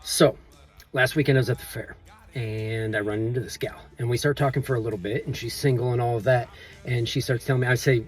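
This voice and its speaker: Chatty man with a husky voice. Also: mid-range voice, fairly quick, soft background music. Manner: chatty, animated, asks viewers for judgment. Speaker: vlogger. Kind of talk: casual storytelling to camera.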